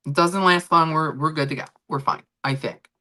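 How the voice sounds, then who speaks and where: A woman's voice: low-pitched, normal speed. A middle-aged woman hosting a casual livestream chat with viewers, rambling and talking freely. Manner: chatty, animated, rambling with restarts. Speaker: livestream host.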